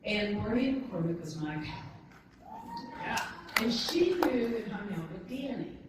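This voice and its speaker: A woman's voice: medium pitch, lively intonation, unhurried, heavy background noise. A woman in her sixties telling funny stories to an audience as a speaker at a ceremony, chatty and self-mocking, often laughing as she talks. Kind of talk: anecdotal speech to an audience. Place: large event hall. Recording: echoey hall, from far off.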